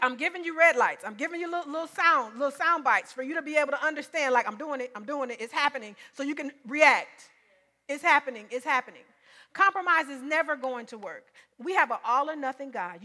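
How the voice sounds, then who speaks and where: A woman's voice: high-pitched, pushed and bright. A woman preacher giving a sermon in an emphatic, conversational way, often repeating her points.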